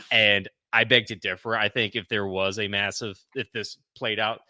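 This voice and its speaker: A man with a fairly low, bright, forceful voice hosts a casual podcast. He jokes around and rambles into asides, and the sound is dry and close. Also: little pitch movement, no room sound. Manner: joking, rambling, quick asides. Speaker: podcast host.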